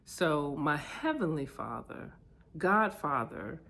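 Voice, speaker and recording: A woman sharing personal memories in a reflective vlog, candid and heartfelt, getting lively as she tells stories. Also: sits low, slow pace, gravelly. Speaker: vlogger.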